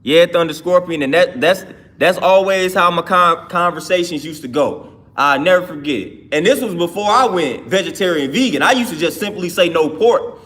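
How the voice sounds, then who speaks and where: Bright high-voiced man chatting on stream. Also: moderate pace. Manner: loose, conversational, often restarting and laughing. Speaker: livestream host. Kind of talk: casual livestream talk answering chat.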